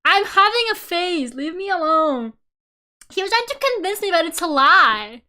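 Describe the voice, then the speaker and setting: Woman, 20s, streamer, casual chat, giggly, high pitch, bright tone. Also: normal speed. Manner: giggly, chatty, animated storytelling. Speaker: VTuber streamer.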